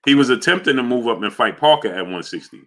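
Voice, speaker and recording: Reading through super chats on his casual New York boxing livestream, a man loudly bursts out with shout-outs to viewers by name. He talks fast, with an expressive, medium-pitched voice.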